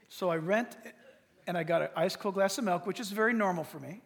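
A man preaching with a strikingly high voice and a forceful, bright edge. He tells stories with animation and speaks straight to the congregation. A long reverb trails after every phrase, as in a large hall. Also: normal speed, pauses often. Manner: animated storytelling, addressing the congregation directly. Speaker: pastor. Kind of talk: sermon.

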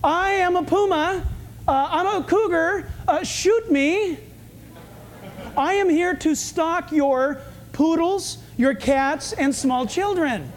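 A man voicing a male puma that boasts about stalking pets and children, in a mock-threatening, drawn-out way. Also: extremely high pitch, slight background noise, voice pushed up. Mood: mock menace.

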